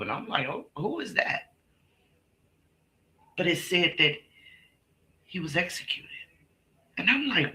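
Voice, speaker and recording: Slow-talking man hosting a live stream. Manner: chatty, warm greetings to viewers, laughs often; slow, drawn-out delivery with big pitch swings. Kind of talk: casual live stream chat.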